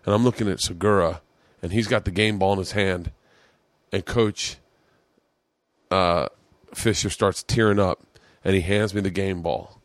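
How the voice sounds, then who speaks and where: A man's voice: sits low, fairly even intonation, a little slow, dry recording. A man hosting his podcast, telling a long story in a loose, profane, rambling way. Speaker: podcast host. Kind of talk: casual storytelling chat.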